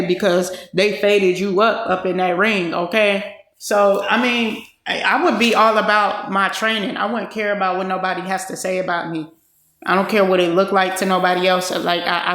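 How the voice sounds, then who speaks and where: A woman's voice: mid-range voice, fairly bright tone. Slangy woman commentator in an echoey room. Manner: slangy, talks straight to the viewer with lots of fillers. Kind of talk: casual commentary.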